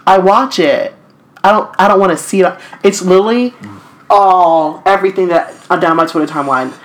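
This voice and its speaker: A man's voice: sits high, a little fast, fairly bright tone. Foul-mouthed joking male podcast host. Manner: profane, joking banter. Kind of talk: casual chat.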